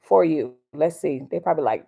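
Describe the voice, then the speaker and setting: A woman's voice: low-pitched, expressive, a little fast, creaky, mellow, husky. A woman hosting a casual live stream, chatting in a slangy, direct way to her viewers. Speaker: livestream host.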